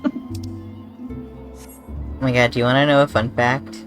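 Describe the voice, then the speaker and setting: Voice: medium pitch, flat delivery, measured pace, a bit bright. A game streamer chatting casually with a co-op partner, rambling with lots of fillers. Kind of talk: casual chat while gaming. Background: faint game music.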